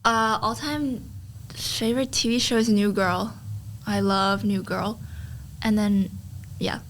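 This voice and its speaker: A young woman in her twenties, a podcast guest, answering casual questions in a hesitant, giggly, soft-spoken way. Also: medium pitch, steady tone, slow, a little hiss or hum. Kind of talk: casual interview chat.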